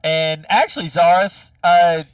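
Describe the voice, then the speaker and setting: A man narrates a tabletop role-playing session as its game master, relaxed and peppered with fillers. He sits a little back from the mic, and the sound is dry and dull. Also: a little high, measured pace, smooth, no echo, distant mic.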